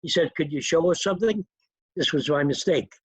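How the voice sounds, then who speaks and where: A man's voice: fairly high pitch, a little fast, breathy edge, dry recording, poor audio. An older man, a magician being interviewed, telling stories from his past and acting out the people in them. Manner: animated, acts out quoted voices. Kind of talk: anecdotal storytelling.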